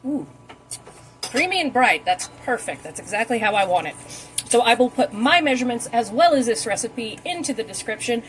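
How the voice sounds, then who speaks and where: A woman's voice: fairly high pitch, expressive, normal speed, fairly bright tone, poor audio. A woman giving a casual, chatty cooking demonstration in her home kitchen, talking while she works. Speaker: cooking vlogger.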